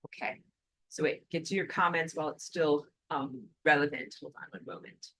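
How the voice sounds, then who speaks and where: A woman giving a recorded online spiritual lesson, reading out and answering viewer comments. Her voice sits on the low side, and she talks emphatically and animatedly, stacking repeated words for stress. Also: fairly even intonation, normal speed, a bit bright, rough recording. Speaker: spiritual teacher.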